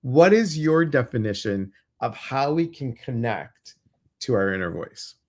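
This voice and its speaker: A man's voice: medium pitch, animated, a little slow, a little mellow. A man hosting a livestream podcast, chatting casually and greeting viewers by name. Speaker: podcast host.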